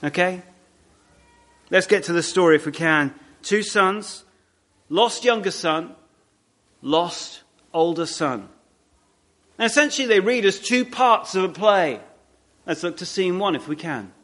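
A man preaching a sermon in a conversational way, with many restarts and asides, slowing down to stress his key points. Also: sits high, lively intonation, fairly bright tone.

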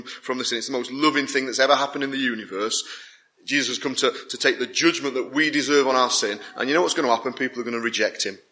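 A man preaches a sermon emphatically, hammering points home through repeated phrases that build in rising intensity. His voice is medium-pitched with a sharp tone.

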